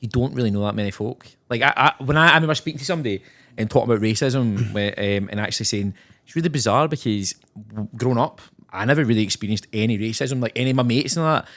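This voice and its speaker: Halting Scottish man in casual chat. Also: mid-range voice, fairly bright tone. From Scotland. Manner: halting, with many restarts and fillers. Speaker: guest, actor.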